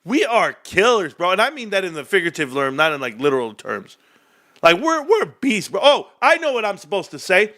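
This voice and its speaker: A man's voice: very animated, brisk, sharp tone. A man streaming a casual rant about stocks, trash-talking with bursts of laughter and mock voices. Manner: brash trash-talking, swings between hyped and low muttering.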